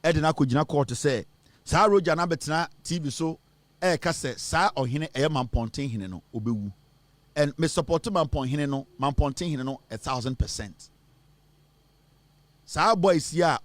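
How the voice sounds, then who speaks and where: A fairly high-voiced man with a Ghanaian accent delivers heated, scornful commentary, moving between Twi and English. He presses his points emphatically. The sound is dry and close, with little room around it. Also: moderate pace, no room sound. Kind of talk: impassioned political commentary.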